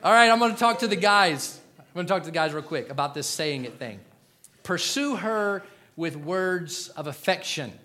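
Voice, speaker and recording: Loud punchlines give way to quiet, earnest asides as a middle-aged pastor preaches, joking and animated, to his congregation. He has a high voice and talks at normal speed.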